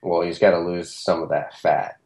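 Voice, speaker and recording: A man's voice: low voice, fairly even intonation, moderate pace, creaky, a little mellow. A man co-hosting a crude comedy chat, ranting and swearing freely. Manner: profane, ranting. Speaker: podcast co-host.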